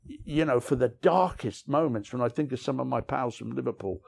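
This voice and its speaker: A middle-aged man with a gravelly, creaky voice tells his own story as an interview guest. He rambles candidly and keeps checking in with "you know what I mean". His pitch sits in an ordinary middle range. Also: brisk, a little mellow.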